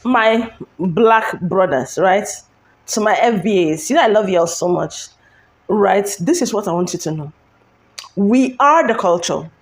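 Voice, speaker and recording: A woman's voice: medium pitch, animated, a little slow. A woman earnestly addressing her community to camera in a rallying tone. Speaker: social media commentator.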